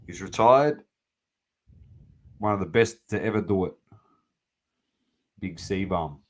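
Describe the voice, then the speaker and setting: A man's voice: low voice, slow pace. An Australian man co-hosting a sports podcast, chatting casually in blunt, sweary slang. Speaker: podcast co-host.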